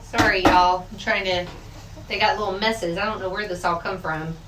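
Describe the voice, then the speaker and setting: A woman's voice: mid-range voice, steady tone, normal speed, roomy sound, recorded from a distance, loud music behind the voice. A woman, chatting casually to her viewers and her chickens in a homey way. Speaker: vlogger. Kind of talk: casual vlog chat. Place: outdoors by a chicken coop in the rain. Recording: loud outdoor noise with chickens. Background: clucking chickens and rooster.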